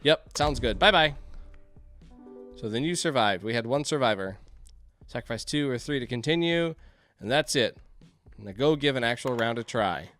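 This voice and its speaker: A man's voice: medium pitch, lively intonation, moderate pace, fairly bright tone, faint music behind. A man streaming a game live, reading the on-screen text aloud and joking with his chat in a chatty, casual way.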